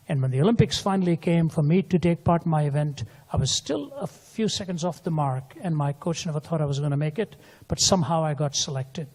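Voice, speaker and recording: An older man delivers a sermon in a husky, slightly high voice. He tells stories that swell into loud quoted lines, then drop soft for tender moments. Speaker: preacher. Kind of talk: sermon storytelling.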